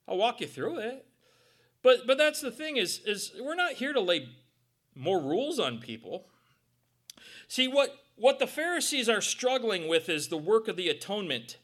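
Man, pastor, conversational sermon, high voice, swooping lively pitch, jokey, acts out quotes. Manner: animated, joking, acts out quotes and sounds.

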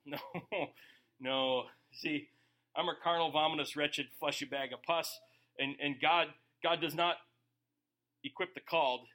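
A man preaching a sermon, animated, with many rhetorical questions and quick acted-out asides. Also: fairly high pitch. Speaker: pastor.

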